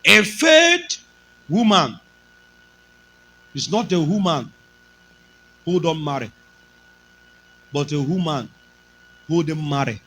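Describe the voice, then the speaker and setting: High-voiced Nigerian preacher. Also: male voice, big pitch swings, slow, long pauses, pushed and bright, a little hiss or hum, low-quality recording. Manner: emphatic preaching, slipping into Pidgin. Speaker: pastor. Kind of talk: sermon.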